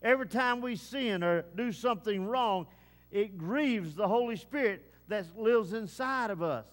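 A man preaching a sermon to his congregation in a folksy way, with many pauses and "uh" fillers. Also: sits high, a bit bright. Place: church service. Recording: long hall reverb.

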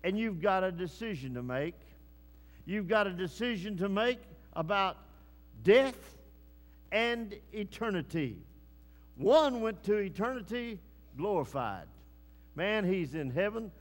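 Hall-echoing preacher, man, slow delivery. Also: high-pitched, lively intonation. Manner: swings from hushed to loud preaching. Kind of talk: sermon. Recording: long hall reverb.

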